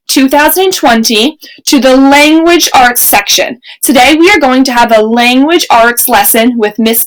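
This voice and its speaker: A young woman teaching a remote kindergarten lesson, speaking slowly and clearly in an encouraging teacher voice. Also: sits high, fairly bright tone, rough recording.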